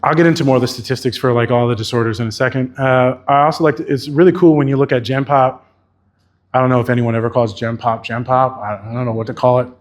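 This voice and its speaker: A man's voice: mid-range voice, fairly even intonation, quick pace. Candid, swearing man giving a keynote. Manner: candid, casual, swears freely. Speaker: keynote speaker, therapist. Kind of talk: conference keynote speech. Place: conference venue.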